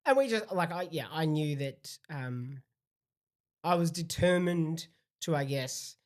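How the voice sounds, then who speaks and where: A young man chatting as a podcast guest, halting and pausing often with ums while he searches for words. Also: on the high side, animated. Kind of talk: casual chat.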